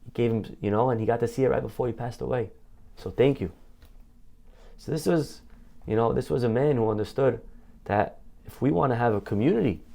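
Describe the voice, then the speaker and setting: A man delivers a sermon as a rabbi, telling a story in a loose, conversational way and leaning on "you know" as he goes. His voice sits at an ordinary pitch, with a noticeable gravelly fry. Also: warm tone. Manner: heartfelt, conversational, many "you know" fillers.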